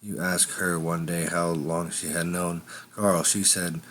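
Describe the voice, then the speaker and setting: A man's voice: low-pitched, flat delivery, unhurried, fairly bright tone, slight background noise. A man telling an improvised first-person story in a rambling, conversational way. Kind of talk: improvised fiction narration.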